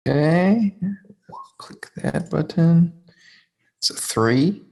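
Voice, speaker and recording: Tabletop player, mid pitch, casual questions. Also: lively intonation, very slow, vocal fry, darkish tone, rough recording.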